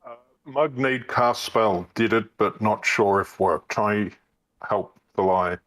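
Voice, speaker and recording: A man's voice: fairly low pitch, takes it slowly, a bit bright. A man voicing a dim-witted brutish male fighter who speaks in broken, blunt grammar during tabletop roleplay. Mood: earnest.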